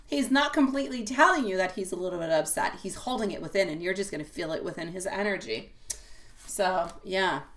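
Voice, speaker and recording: A woman's voice: mid-range voice, fairly quick, a bit bright. Woman doing live tarot, chatty, calls everyone sweetie pie, laughs a lot. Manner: laughs often, loose rambling talk with fillers. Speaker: tarot reader hosting a live stream. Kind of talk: casual live-stream tarot reading.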